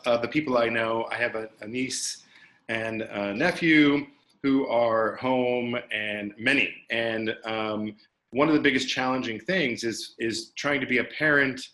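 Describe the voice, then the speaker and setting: A male co-host with a bright, forward voice chats casually with a guest. He sounds enthusiastic and encouraging, with a mid-range pitch. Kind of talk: casual interview chat.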